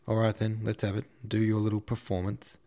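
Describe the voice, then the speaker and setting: A man voicing a composed young nobleman who speaks calmly, with a cool, slightly ironic edge. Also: fairly low pitch, brisk, lightly acted. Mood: restrained. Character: composed young male nobleman, dry and restrained.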